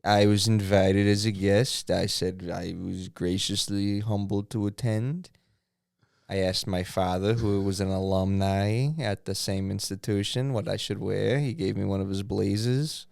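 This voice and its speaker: A man with a low, gravelly voice co-hosting a casual podcast, trading deadpan wisecracks and spinning mock-formal tall tales. His delivery stays dry and understated. The mic sits close in a dead, dry room. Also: unhurried, dry recording. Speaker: podcast co-host. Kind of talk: casual chat.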